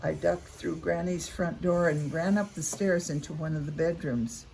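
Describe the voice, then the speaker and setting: An older woman reading a children's story aloud, narrating in the first person with an expressive, unhurried delivery. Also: low-pitched, vocal fry, slight background noise, rough recording.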